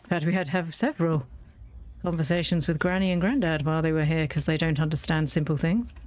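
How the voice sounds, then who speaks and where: Low-pitched and darkish in tone, her fairly even delivery runs fast. This British woman is a YouTuber giving casual commentary on a game, swearing freely and ranting in a blunt way.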